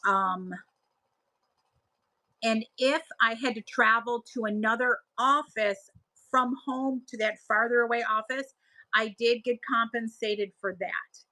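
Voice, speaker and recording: A woman's voice: fairly high pitch, measured pace, sharp tone, poor audio. A woman in her thirties hosting a live selling stream, chatting casually and laughing as she answers viewers' comments.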